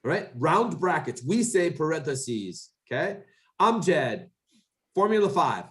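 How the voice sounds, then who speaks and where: Animated, high-pitched male English teacher. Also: a little slow. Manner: coaching, corrects pronunciation, repeats words; animated, lively intonation. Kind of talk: classroom drill over a video call.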